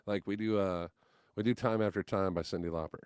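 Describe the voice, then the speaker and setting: A man's voice: sits low, brisk, clear, resonant tone, no room sound, clean studio sound. A man telling stories in casual podcast chat, acting out the voices in them and swearing casually. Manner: animated storyteller, acts out quotes, swears casually. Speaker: guest musician.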